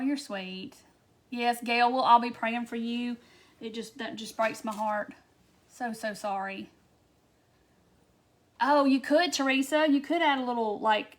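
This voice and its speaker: A chatty woman hosts a casual craft tutorial livestream and answers viewer comments as she goes. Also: fairly high pitch.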